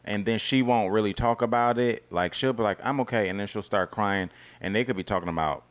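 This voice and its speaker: Low-voiced man co-host, easygoing chat. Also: a little fast. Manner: conversational, restarts and trails off in a low murmur. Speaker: co-host of a reality TV review show. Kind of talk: casual chat.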